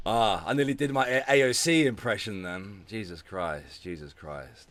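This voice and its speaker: A man hosting a casual livestream rant, sarcastic and mocking, dropping from low mutters to loud announcements. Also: normal speed, hardly any pauses. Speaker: streamer host.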